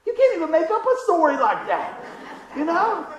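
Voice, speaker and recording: A pastor preaches in a storytelling sermon, his voice sitting very high for a man. He chuckles often and slips into the voices of the people in his story. The sound rings around an echoey room. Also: normal speed, a little hiss or hum. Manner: chuckling, animated storyteller acting out the people he quotes.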